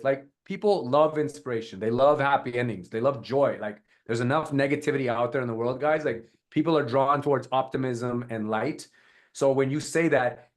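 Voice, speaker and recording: A man of middle pitch coaching an online audience over a video call. He speaks with energy and punches his example lines with clear emphasis. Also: normal speed. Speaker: guest speaker on content creation. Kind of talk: live webinar coaching.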